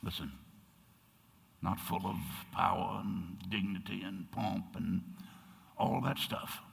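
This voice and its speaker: An older man preaching a sermon as pastor, turning dramatic and dropping to hushed whispers for emphasis. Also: low-pitched, level tone, slow, gravelly, slightly rough. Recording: long reverb in a church sanctuary.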